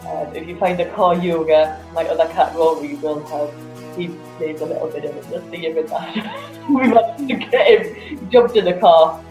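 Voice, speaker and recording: With a low-sitting voice at normal speed, a woman guesting in an interview spins animated stories, frequently laughing and doing voices. She teaches laughter yoga, and the audio has a roomy, slightly dull quality with faint music underneath.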